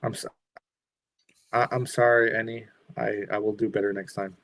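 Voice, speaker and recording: A man from French Canada chats on a livestream in a fairly low voice. He rambles and hesitates, padding his talk with fillers. He co-hosts in a loose, casual way. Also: little pitch movement, normal speed, a bit bright, no echo. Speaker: co-host.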